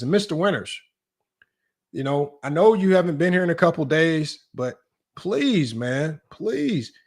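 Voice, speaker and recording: A man hosting a sports debate livestream, talking brashly and teasing his chat in quick casual commentary. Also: on the high side. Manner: brash, rapid, teasing, talks straight to chat. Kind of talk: casual live-stream commentary.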